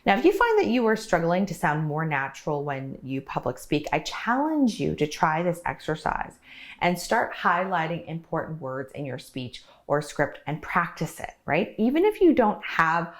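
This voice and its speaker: A middle-aged woman, a public speaking coach, giving a tutorial to camera with clear, deliberate delivery and stressed key words. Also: deep voice, sing-song.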